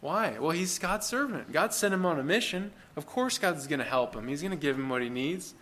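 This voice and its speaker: A man's voice: on the high side, animated, fairly quick, a bit bright, a little hiss or hum. Earnest male pastor preaching conversationally. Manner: asks the congregation rhetorical questions; earnest, plain-spoken preaching. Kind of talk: conversational sermon.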